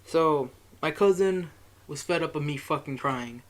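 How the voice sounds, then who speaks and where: A man's voice: a little high, unhurried. A young man telling a rambling, profane story in a casual monologue, chuckling as he goes.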